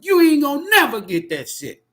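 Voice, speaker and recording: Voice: high-pitched, wildly swooping pitch, normal speed, fairly bright tone. A tarot reader delivering an impassioned spoken monologue in a profane, emphatic, preachy way.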